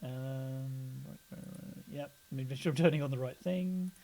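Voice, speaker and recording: A man co-hosting a casual chat show, playful and quick to laugh. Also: medium pitch, warm tone, slight background noise. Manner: laughs often, playful and chatty. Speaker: podcast co-host.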